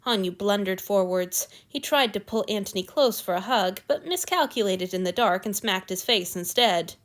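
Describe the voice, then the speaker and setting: A woman narrating a fan fiction story aloud with a steady, expressive reading. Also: mid-range voice, normal speed, hardly any pauses. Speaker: story reader.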